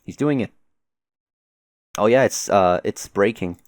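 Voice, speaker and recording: A man's voice: on the low side, a little slow, no echo, clean studio sound. A young man reading a webcomic aloud and reacting live, swearing, exclaiming and laughing between his remarks. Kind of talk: read-along with live reactions.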